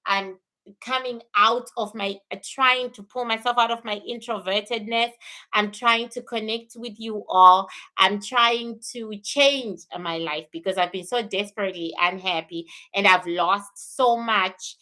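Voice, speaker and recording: A woman's voice: medium pitch, unhurried, pushed and bright. A woman hosting a spiritual livestream, answering viewer questions and thanking viewers, with emphatic repeated phrases. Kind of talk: live-stream talk answering viewer questions.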